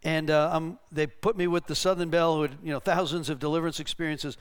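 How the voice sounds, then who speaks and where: Higher-voiced pastor telling stories in a sermon. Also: male voice, steady tone, fast talker, clean tone. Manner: conversational, tags lines with "right?", acts out the voices in his stories. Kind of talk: sermon teaching with anecdotes. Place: church.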